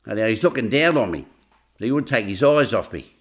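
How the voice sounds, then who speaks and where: A man's voice: lowish voice, lively intonation, fairly quick. A middle-aged man casually telling a rambling personal anecdote, full of "I said, he said.". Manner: rambling, chatty retelling full of "I said, he said". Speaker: storyteller.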